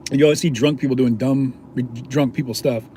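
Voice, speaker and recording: Man, casual storyteller, slangy, laid-back, chuckles a lot, average pitch, faint background noise. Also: steady tone, brisk, mellow. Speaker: independent video journalist.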